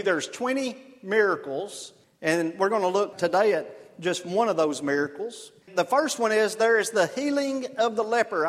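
High-voiced preacher in a reverberant church. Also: male voice, fairly bright tone. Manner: earnest, storytelling, conversational. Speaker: pastor. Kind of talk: sermon. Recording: long reverb of a church hall.

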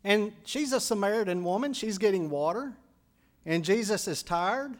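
A man's voice: high-pitched, lively intonation, moderate pace. A man preaching a sermon, telling a personal story in an earnest, conversational way and acting out the people he quotes. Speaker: pastor.

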